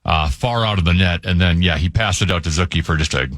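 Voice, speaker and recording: A male radio co-host in casual sports talk, matter-of-fact and quick to reel off statistics. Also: sits low, a bit bright, no room sound, clean studio sound. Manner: matter-of-fact, reels off stats.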